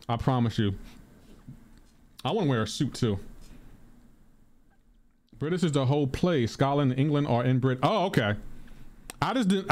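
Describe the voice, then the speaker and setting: A man's voice: mid-range voice, a little mellow. A man chatting casually on a live stream while gaming, rambling, repeating himself and answering his chat aloud.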